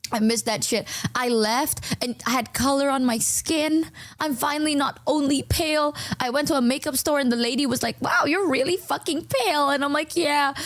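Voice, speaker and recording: Lively young woman streamer telling stories. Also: no echo, clean studio sound. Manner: animated, swears a lot, acts out dialogue in higher voices. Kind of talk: casual storytelling on stream.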